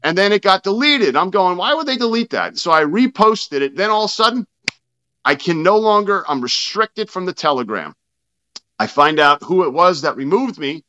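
A man's voice: sits high, expressive, normal speed, bright, forceful tone, smooth, lo-fi sound. A man speaking as a podcast guest, telling a story bluntly, swearing freely and quoting his own past arguments. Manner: blunt and profane, retelling arguments in his own quoted words. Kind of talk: casual interview storytelling.

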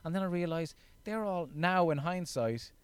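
An Irish stand-up comedian in his thirties, telling stories in a casual interview, animated and swearing freely. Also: high voice, normal speed, clean tone, no echo. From Ireland. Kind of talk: casual storytelling in a podcast interview.

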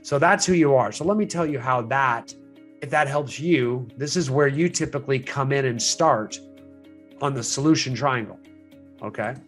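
A man's voice: mid-range voice, normal speed, fairly bright tone, soft background music. A man teaching a sales training session to real estate agents, explaining in a conversational way with frequent restarts and fillers.

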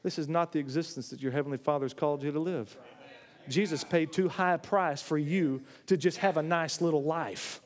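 High-pitched preacher man in a reverberant hall. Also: a little fast. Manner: emphatic, rising to impassioned declarations with jokes. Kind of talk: sermon.

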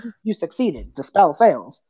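A woman's voice: fairly low pitch, sing-song, measured pace, a crowd in the background, low-quality recording. A woman narrating as game master of a tabletop game, friendly and hesitant, with many fillers.

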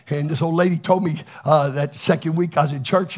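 Older male pastor, husky high voice, fervent sermon with shouted peaks. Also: a little fast. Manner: fervent, shouting in bursts, chatty asides. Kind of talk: Pentecostal sermon.

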